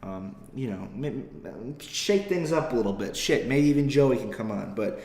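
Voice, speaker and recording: Rambling, profane young comedian. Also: male voice, mid-range voice, expressive, moderate pace, warm tone. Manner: rambling, profane, self-deprecating. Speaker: comedian and podcast host. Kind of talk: casual comedic podcast monologue. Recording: roomy echo.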